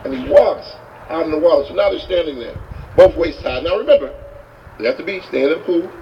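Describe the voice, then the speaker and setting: Animated male motivational speaker. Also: on the high side, fairly quick, gravelly. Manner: animated, acts out the characters. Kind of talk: storytelling speech. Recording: distant, dull, faint hiss.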